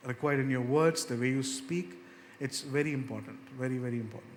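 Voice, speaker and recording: A male pastor delivers an earnest sermon at an ordinary pitch, lifting his voice and slowing down whenever he quotes scripture. His words ring out with the long reverb of a church hall. A faint murmur of room ambience sits underneath. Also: slight background noise. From India. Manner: earnest, rises in pitch and slows down on scripture verses.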